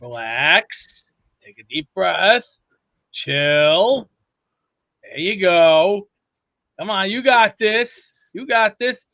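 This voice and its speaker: A man doing a gushing, over-the-top hype coach, his voice pitched way up and ringing bright as he coaxes a nervous performer from a distance. Sweet talk and cheerleading pour out of him with theatrical flair. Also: expressive, drawn-out words, vocal fry, long pauses, no room sound, highs cut off, heavily acted. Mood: soothing.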